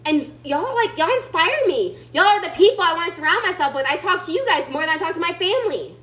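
High-pitched sassy lady hyping up her team on a video call, chatty and emphatic. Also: lively intonation, fast, a bit bright, rough recording. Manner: sassy, chatty, emphatic, addresses listeners as y'all. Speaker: team leader speaking to her sales team. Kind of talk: motivational pep talk.

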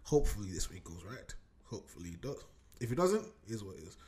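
Young man, podcast host, relaxed chat, slightly low voice, loose and joking. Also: quick pace. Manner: loose, joking, swears, laughs into his words. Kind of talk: casual solo podcast talk.

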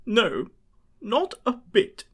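A prim, easily flustered man, put on by a woman reading aloud, his voice pitched up and swinging wildly as he scolds. He speaks slowly and frantically. It is an audiobook reading. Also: very animated, slightly rough, heavily acted. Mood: indignant. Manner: frantic, scolding, high-strung.

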